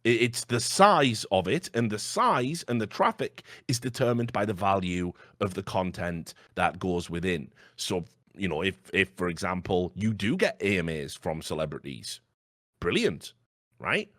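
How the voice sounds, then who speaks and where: A man's voice: sits low, sing-song, unhurried, a bit bright, no echo, clean studio sound. A man in casual chat, blunt and sweary, telling stories with animation.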